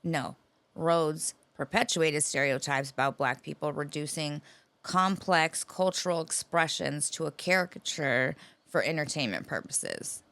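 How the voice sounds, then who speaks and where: Podcast co-host, female, deep fry-heavy voice, cursing and rambling. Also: unhurried, fairly bright tone, dry recording. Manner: profane, rambling storyteller. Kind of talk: casual chat.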